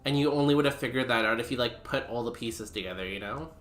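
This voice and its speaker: Rambling young man streaming a game, bright voice. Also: medium pitch, fast talker, roomy sound, soft background music. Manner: rambling, filler-heavy chat with viewers. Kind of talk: casual live-stream commentary.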